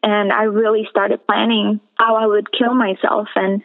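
A woman from the Caribbean, a guest on a radio interview, telling her personal testimony in an earnest, measured way over a phone line. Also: mid-range voice, flat delivery, vocal fry. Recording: tinny phone-line audio.

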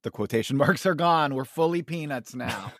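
A man casually discussing comic strips on a podcast, enthusiastic and quick to laugh. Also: medium pitch, fairly bright tone, no room sound, studio quality. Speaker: podcast co-host. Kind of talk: casual chat about comics.

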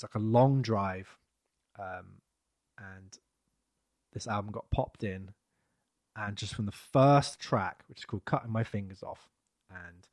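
A man's voice: fairly low pitch, no echo. Man, podcast co-host, casual rambling chat, dry sound. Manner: rambling, chatty, trails off softly.

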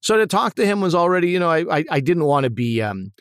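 A man's voice: a little high, big pitch swings, quick pace, clean tone, dry recording, studio quality. A man, an actor, telling stories from film sets in a casual interview, rambling with many restarts and asides. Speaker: actor guest.

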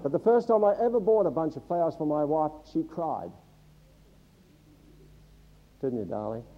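A man preaching to a church congregation in a fairly high voice, teaching scripture and quizzing the listeners. He mixes the teaching with light, humorous asides. The recording sounds muffled and lo-fi. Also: lively intonation, fast talker. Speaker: pastor. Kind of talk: sermon. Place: church service before a congregation.

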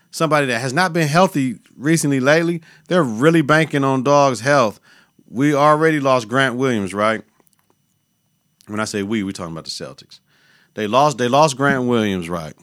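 A man's voice: mid-range voice, a bit bright, no room sound, clean studio sound. Profane, slangy man talking sports. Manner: loose, profane, slangy, conversational. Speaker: podcast host. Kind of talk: casual sports talk.

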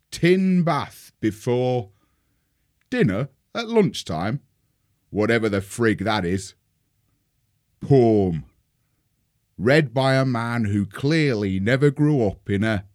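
A man's voice: medium pitch, darkish tone. A man playing a poetry reader who declaims in a put-on northern English accent, in short clipped phrases. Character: man reciting a poem in a hammy northern voice.

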